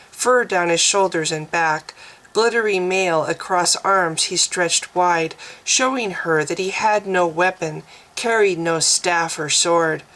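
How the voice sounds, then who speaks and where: A woman reading her own fantasy novel aloud as narrator, slowly and deliberately. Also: fairly low pitch, fairly bright tone, rough recording.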